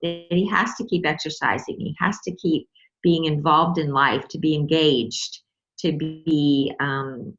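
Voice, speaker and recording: An older woman speaking as a guest, thoughtful and gentle, with halting phrasing. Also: low voice, steady tone, muffled recording, faint music behind. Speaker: guest, caregiver wife. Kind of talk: casual conversation.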